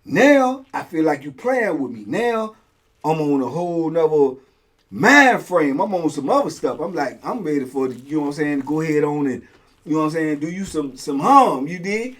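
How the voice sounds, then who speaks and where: A man's voice: a little high, big pitch swings, normal speed, fairly bright tone. A middle-aged man hosting a show, telling a story in casual, slang-heavy talk and acting out both sides of the conversations. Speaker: host and storyteller.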